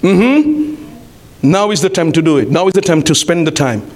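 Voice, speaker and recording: A man preaching a sermon as pastor, repeating his phrases, calling to the congregation and rising to shouts. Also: fairly high pitch, animated, moderate pace. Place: church.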